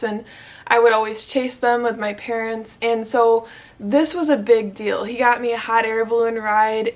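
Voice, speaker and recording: A young woman from Michigan tells a personal story straight to the camera. Her voice sits fairly high, and she gushes and gets emotional, filling her sentences with "like.". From Michigan, USA. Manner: gushing, emotional, heavy use of "like". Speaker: vlogger.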